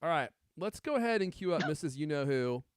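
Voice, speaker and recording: A man's voice: a little high, very animated, fairly quick, clean tone, no room sound, clean studio sound. A man hosting a live-streamed podcast in a casual, joking way, teasing his co-hosts and reading out viewer comments. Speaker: podcast host.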